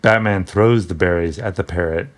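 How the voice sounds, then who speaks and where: A man's voice: low-pitched, moderate pace. A man casually talking through an old comic book, rambling and wry, with frequent restarts and asides.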